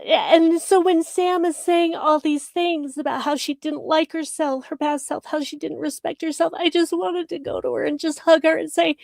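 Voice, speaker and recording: A woman's voice: high voice, steady tone, moderate pace, creaky, hardly any pauses, darkish tone, no echo. Casting note: sincere woman co-host on a webcam, dry close sound. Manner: candid, heartfelt, earnest. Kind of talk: casual chat.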